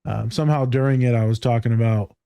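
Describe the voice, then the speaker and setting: A man's voice: medium pitch, steady tone, fast talker, gravelly, dark tone, no echo, studio quality. A man hosting a podcast, telling a self-mocking story in casual chat, laughing often and swearing freely. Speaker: podcast host.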